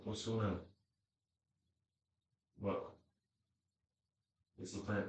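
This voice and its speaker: A man rambles and swears as he cooks in his kitchen on a live stream, drinking beer and chatting to his dog. His voice is low-pitched but bright and forceful. It sits back from the mic in an echoey room with a faint hum behind it. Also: animated, normal speed. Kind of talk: casual live-stream chat while cooking. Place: home kitchen. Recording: roomy kitchen, mic from afar.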